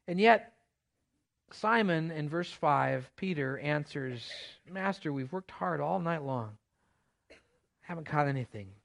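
A pastor preaching a sermon in church, in a conversational way with playful asides. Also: male voice, on the high side, a bit bright.

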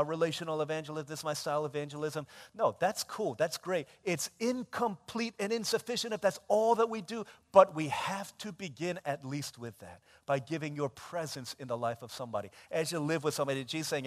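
Guy preaching in a church, big long reverb, swings loud to quiet. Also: a little high. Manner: animated storytelling with shifts between loud and hushed. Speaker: pastor. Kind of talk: sermon.

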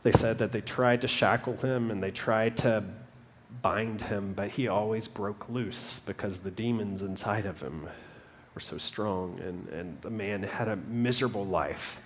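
A man's voice: fairly low pitch, measured pace, a little hiss or hum. A man preaching a sermon, earnestly retelling a story with frequent restarts. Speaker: pastor.

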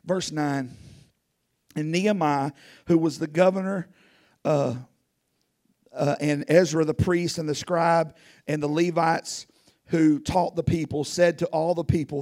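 A man preaching an informal sermon as a guest preacher, animated and rambling, often repeating himself. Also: a little high, measured pace, pauses often.

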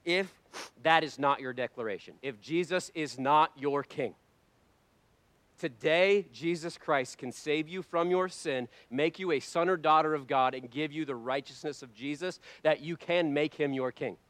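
A man preaching a sermon to his church, impassioned and swinging between hushed lines and loud ones. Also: on the high side, moderate pace, no room sound. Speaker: pastor.

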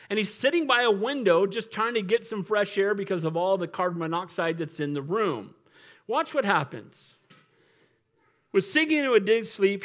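A man's voice: high voice, a bit bright. A middle-aged male pastor preaching a sermon in a conversational, humorous way, often laughing and asking for an amen.

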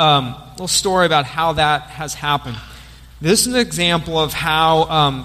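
Bright-voiced pastor preaching in a reverberant church. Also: male voice, a little high. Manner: lively storytelling preaching. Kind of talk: sermon. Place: church sanctuary. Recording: long church hall reverb.

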